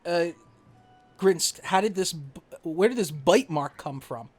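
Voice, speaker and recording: A man's voice: sits high, animated, unhurried, breathy edge, soft background music. A man playing a tabletop role-playing game, asking casual questions in character. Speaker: player.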